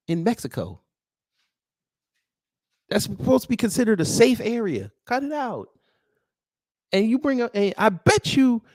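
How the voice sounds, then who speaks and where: A man hosts a live stream and fires back at his chat with mocking sarcasm. His voice sits fairly high and leaps up and down in pitch. The sound is close and dry. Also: a little mellow, dry recording. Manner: sarcastic, mocking, confrontational toward commenters. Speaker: host of a news commentary livestream.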